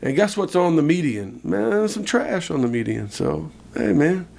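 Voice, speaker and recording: A man co-hosting a casual podcast, telling a childhood story with animated asides. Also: fairly high pitch, moderate pace, creaky. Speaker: podcast co-host.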